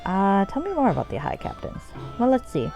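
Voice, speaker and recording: With huge pitch swings, a brisk pace, vocal fry, and a dark tone, a woman performs a sultry, flirtatious brothel madam from a game in a put-on accent she calls terrible. Endearments come out drawled, swooping deeply downward. The rough recording has faint music in the background.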